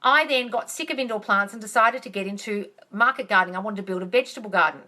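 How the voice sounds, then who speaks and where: Woman ranting on a phone live stream, sharp bright voice, heated and emphatic, reads out comments. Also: medium pitch, quick pace. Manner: blunt, swears freely, calls viewers darling. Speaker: manifesting coach hosting a live Q&A. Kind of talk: casual live-stream Q&A, reading viewer comments.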